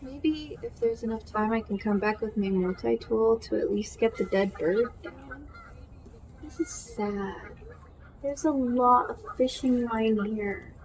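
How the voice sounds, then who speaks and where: A woman vlogging outdoors from a kayak, upset and close to tears, talking in halting, broken-off sentences. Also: fairly high pitch, a little mellow, a little hiss or hum, poor audio. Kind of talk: casual vlog narration.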